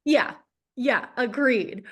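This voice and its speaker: An animated woman hosting a relaxed interview in a slightly high voice. She talks in a loose, friendly way, laughs often, and drops into quoted voices of the people in her stories. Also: slow pace, slightly rough. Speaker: podcast host. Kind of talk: casual chat.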